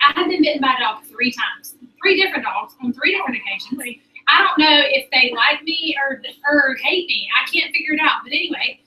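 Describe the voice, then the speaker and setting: High bright woman rallying a room. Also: brisk. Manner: chatty, animated, addresses the audience as "y'all". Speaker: sales director. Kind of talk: motivational talk to a group. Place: meeting room with an audience. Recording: roomy sound from a distance.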